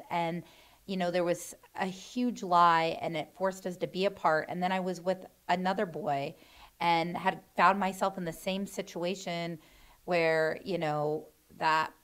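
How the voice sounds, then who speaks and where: Earnest middle-aged mother. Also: lowish voice. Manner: earnest, defends her son at length. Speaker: mother of a guest. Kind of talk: emotional family discussion.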